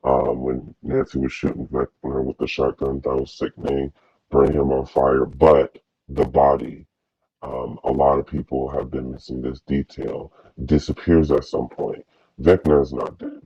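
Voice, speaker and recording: A man's voice: extremely low pitch, level tone, measured pace, warm tone, slight background noise. A man co-hosting a TV review in casual chat, sassy and rambling, with lots of fillers. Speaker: co-host of a TV review show. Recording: dull, dry lo-fi mic.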